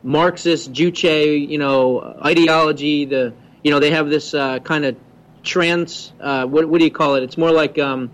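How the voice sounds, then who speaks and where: A man who is a guest on a political talk radio show, explaining his views in a steady, confident way. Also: on the high side, unhurried, rough recording.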